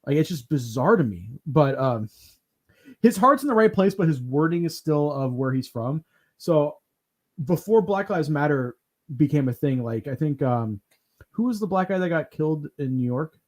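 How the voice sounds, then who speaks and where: A man hosting a podcast in casual chat, telling lively stories, acting out what others said, laughing and swearing as he goes. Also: fairly high pitch, normal speed. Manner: animated storyteller who acts out quotes, laughs and swears often. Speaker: podcast host.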